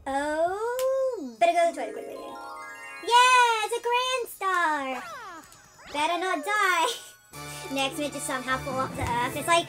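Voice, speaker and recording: A young woman with a high, almost childlike voice gives let's-play commentary. She swings from rambling asides to squealing outbursts. Game music plays clearly behind her. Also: lively intonation, a little slow. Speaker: gaming channel host.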